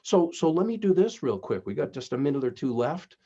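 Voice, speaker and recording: A man's voice: a little high, very animated, brisk, mellow, breathy edge. A man hosting a casual chat, telling puns and stories and laughing at his own jokes. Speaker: host. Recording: dull lo-fi sound.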